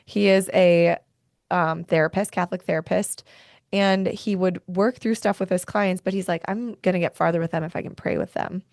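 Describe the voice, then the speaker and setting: A young woman with a low, gravelly voice speaks earnestly about faith and rest. She talks straight to her listeners with heartfelt conviction. The sound is close and dry. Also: steady tone, moderate pace, darkish tone, no room sound. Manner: earnest, heartfelt, gets worked up. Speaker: podcast host. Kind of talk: faith-based wellness talk.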